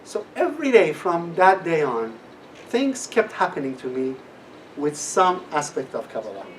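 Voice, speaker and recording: Man telling a lively story. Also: fairly high pitch, moderate pace. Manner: animated storytelling, acting out quoted voices. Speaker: guest speaker at a class. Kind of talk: personal testimony talk. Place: classroom. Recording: distant mic with faint room noise.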